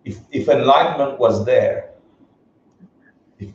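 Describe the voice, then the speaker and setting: A man teaching a relaxed class on Buddhism, joking and laughing often as he talks. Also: medium pitch, takes it slowly, far from the mic. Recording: echoey dull room recording from afar.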